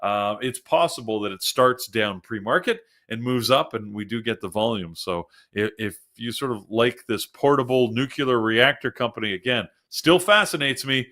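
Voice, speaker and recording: Man, trading show host, bright voice, casual, talks while reading. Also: medium pitch, normal speed, hardly any pauses. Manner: casual, chatty, self-interrupting while reading news. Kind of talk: live market commentary.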